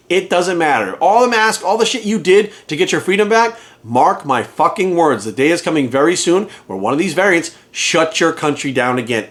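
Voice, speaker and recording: In a high, fairly bright voice, a man who works as a fitness trainer and coach goes on a heated, foul-mouthed rant to camera. He emphatically repeats phrases to force his points home.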